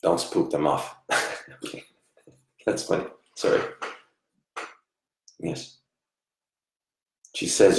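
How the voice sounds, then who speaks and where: A man giving a live online psychic reading, soft-spoken and halting, often trailing off quietly. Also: very deep voice, vocal fry. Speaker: psychic medium. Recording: echoey room.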